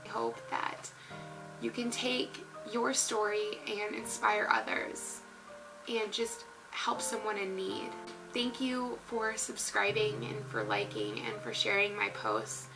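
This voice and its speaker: Emotional woman with a gravelly voice. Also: medium pitch, lively intonation, slow, poor audio. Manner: earnest, emotional storytelling. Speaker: fitness vlogger. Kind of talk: personal story vlog. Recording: music playing under the voice.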